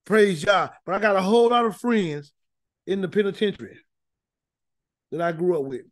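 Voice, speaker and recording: Male Bible teacher, high voice, dry close sound, folksy and emphatic, repeats himself. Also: moderate pace, no room sound. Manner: folksy, emphatic preaching with many repeated words. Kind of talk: informal Bible study teaching.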